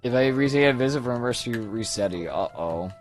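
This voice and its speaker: A man's voice: mid-range voice, expressive, quick pace. A man giving casual live-stream commentary as he plays, often mumbling, trailing off and swearing at the game. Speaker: speedrunner streamer. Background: game music.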